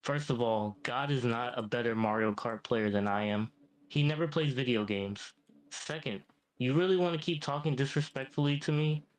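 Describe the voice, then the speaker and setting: A male AI voices a boastful, ancient devil in a chatbot role-play, talking down to everyone with smug, cocky calm and saying "mate" constantly. His pitch is mid-range with an even tone and moderate pace, lightly acted, though the audio quality is poor.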